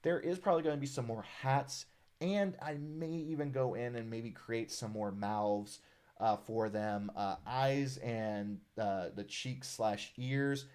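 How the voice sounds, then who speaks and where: This man's voice is medium-pitched and clean, with a measured pace. As host of a casual live stream and designer of a character art project, he chats in a relaxed, friendly way full of "uh"s and fillers, reading out viewer comments.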